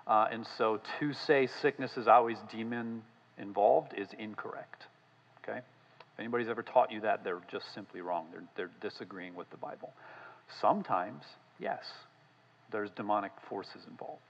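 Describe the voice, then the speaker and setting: A male pastor preaching a sermon, conversational with many fillers, rising in emphasis on scripture and ending in a quiet, halting prayer. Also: medium pitch, in a large hall, muffled recording.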